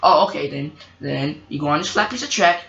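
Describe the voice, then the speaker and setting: A woman voicing a kindly older male engine who gives advice in rambling, halting explanations, on a dull lo-fi recording with faint hiss. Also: low-pitched, gravelly, fairly bright tone, roomy sound, soft background music, pitched below the performer's own voice. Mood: helpful.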